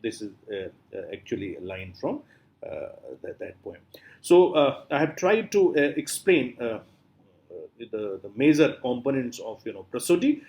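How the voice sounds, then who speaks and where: A middle-aged man with an Indian English accent gives a recorded lecture. His pitch moves up and down freely as he explains patiently. He stops often on "uh" and starts his phrases over. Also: sing-song, normal speed, a little mellow, a little hiss or hum. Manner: explains patiently with many fillers and restarts. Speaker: literature lecturer.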